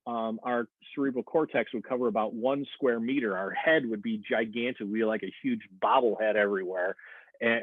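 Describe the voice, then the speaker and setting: A man's voice: mid-range voice, no echo. Man, recorded classroom lecture, frequent fillers, tinny narrow audio. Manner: explanatory, checks in with "okay?" and "right?", frequent "uh" fillers. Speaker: anatomy and physiology instructor. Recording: tinny phone-like dry recording.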